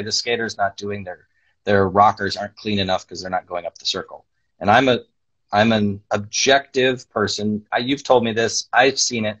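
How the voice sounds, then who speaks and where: A man, a figure skating judge and former pair skater, chatting casually in an interview and telling animated stories. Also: fairly low pitch, breathy edge, dull audio. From North America. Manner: animated storyteller, acts out quoted voices.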